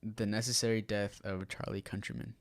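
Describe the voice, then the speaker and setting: A man's voice: lowish voice, little pitch movement, a little fast, dry recording. A man co-hosting a podcast in casual chat, rambling with lots of fillers. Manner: rambling, filler-heavy retelling. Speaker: podcast co-host.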